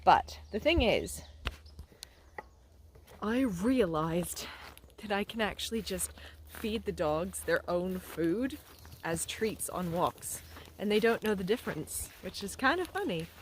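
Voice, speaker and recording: A woman rambles in a whimsical, chatty way as she walks outdoors, speaking with a put-on British accent. Her pitch sits in the middle of the usual range. Faint nature ambience drifts behind her. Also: lively intonation, slow, a little hiss or hum. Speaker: nature vlogger. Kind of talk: casual walking vlog. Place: outdoors in the woods.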